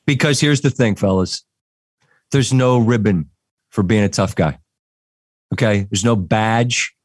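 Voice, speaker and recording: Middle-aged male sports host, slightly low voice, earnest and direct, dry studio sound. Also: measured pace, no room sound. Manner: earnest, direct, preachy in asides. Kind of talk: casual sports talk.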